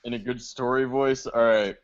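A man on a podcast, telling his own story in a relaxed, casual way. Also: mid-range voice, moderate pace. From Georgia, US South. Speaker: podcast co-host. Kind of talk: casual chat. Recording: muffled lo-fi sound.

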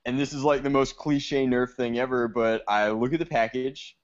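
A man on a podcast, telling his own story in a relaxed, casual way. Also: medium pitch, normal speed. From Georgia, US South. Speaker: podcast co-host. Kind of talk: casual chat. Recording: muffled lo-fi sound.

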